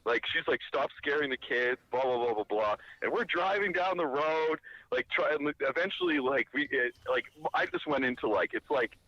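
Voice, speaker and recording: A man telling a long casual anecdote, animated and rambling, full of fillers and restarts. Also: fairly high pitch, moderate pace, muffled recording. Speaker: storyteller.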